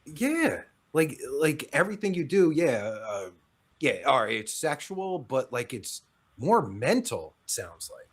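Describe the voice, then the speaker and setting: A man hosting a podcast interview, excitable and rambling, swearing often. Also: medium pitch, unhurried, breathy edge. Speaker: podcast host.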